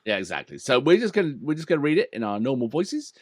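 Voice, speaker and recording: An English man co-hosting a casual chat, teasing his partner with dry humour. His pitch moves up and down a lot, and the sound is close and dry. His voice sits at an ordinary middle pitch. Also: wildly swooping pitch, fast talker, no room sound. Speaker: co-host of a music reaction channel.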